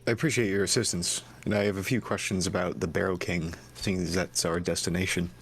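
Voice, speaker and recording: A man playing a polite, measured male bard who asks questions deadpan. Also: low-pitched, breathy edge. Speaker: player.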